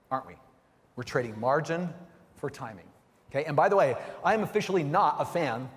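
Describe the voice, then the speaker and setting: A middle-aged man giving an energetic keynote on sales, often checking in with the audience by asking "right?" and "okay?". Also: fairly high pitch. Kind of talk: motivational keynote presentation. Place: large conference hall. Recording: long hall reverb.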